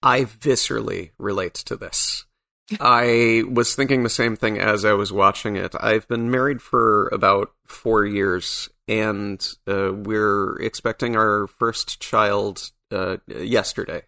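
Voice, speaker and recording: A man's voice: lowish voice, fairly even intonation, slow pace, vocal fry, sharp tone. A man, a comic book writer, talking in a casual podcast conversation, thoughtful and wry, with frequent restarts.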